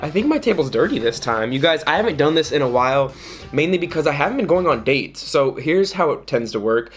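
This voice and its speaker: A man chatting through a dating story to camera, animated and jokey. He keeps leaping up into high mock voices mid-sentence, and faint music hums underneath. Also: fairly quick. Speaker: vlogger telling a dating story.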